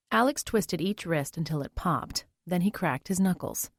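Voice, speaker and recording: A woman's voice: sits low, normal speed, few pauses, husky, no echo. Woman narrating an audiobook, dry booth sound. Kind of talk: scripted narration.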